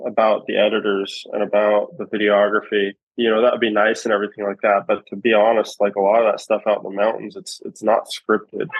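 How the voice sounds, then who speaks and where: A man's voice: lowish voice, slightly rough, no room sound, poor audio. A man talking as a podcast guest, reflective and rambling, with many fillers and restarts. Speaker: guest, bowhunter. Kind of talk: casual podcast conversation.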